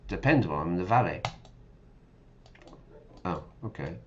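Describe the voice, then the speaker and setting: Picture a man with a low voice who takes his time, reading a game's lines aloud for English learners and stopping to explain each word. He patiently checks that listeners follow. The recording is dull and lo-fi. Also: lively intonation, measured pace, soft background music. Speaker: English teacher streaming a game.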